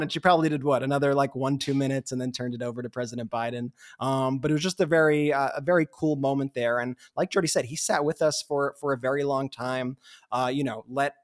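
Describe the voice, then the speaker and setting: A man co-hosting a podcast, talking casually in rapid bursts and restarting his sentences often. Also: medium pitch, fairly even intonation. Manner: rapid, with frequent restarts and fillers. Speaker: podcast co-host. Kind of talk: casual conversational storytelling.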